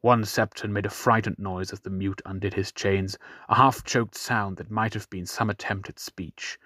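Lowish-voiced man narrating an audiobook. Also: steady tone, normal speed, sharp tone, no echo, studio quality.

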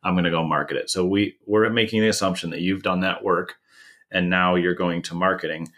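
Deep-voiced man explaining marketing. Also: steady tone, fairly quick, fairly bright tone. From United States. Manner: explanatory, with many restarts. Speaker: marketing consultant. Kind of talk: conversational podcast explanation.

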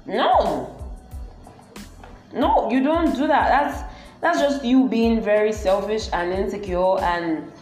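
A woman's voice: mid-range voice, darkish tone, roomy sound. A woman with a Nigerian accent giving blunt, emphatic advice as a vlogger, repeating herself as she scolds, speaking in a public place. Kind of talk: personal advice rant to camera. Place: public place with people around.

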